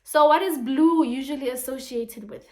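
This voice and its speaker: Woman with a high voice, reads poem lines then breaks them down, lots of "right?". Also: moderate pace, dark tone. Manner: reads verses then explains, asking rhetorical questions. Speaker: tutor explaining a poem. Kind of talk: casual poetry lesson.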